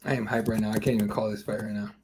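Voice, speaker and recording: A young man from Mexico hosting a live fight watch-along, excitable and swearing, getting louder and higher at big moments. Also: very fast, slight background noise. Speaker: host.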